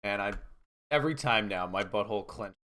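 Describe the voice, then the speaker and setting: A man's voice: on the low side, fairly quick, pushed and bright, a little hiss or hum. A man co-hosting a podcast, playing a card game with wry, profane jokes and dramatic card reading. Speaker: podcast co-host and player. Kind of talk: casual board game play with joking commentary.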